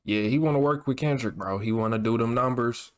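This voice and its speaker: A man with a mid-range voice hosting a music reaction. He talks casually and excitedly in loose slang. He often repeats his phrases. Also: mid-range voice, fairly quick.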